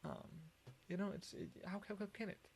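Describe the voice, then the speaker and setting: A man's voice: high-pitched, moderate pace, creaky, slight background noise. A man hosting a solo podcast, rambling casually with lots of profanity and frequent restarts. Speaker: podcast host.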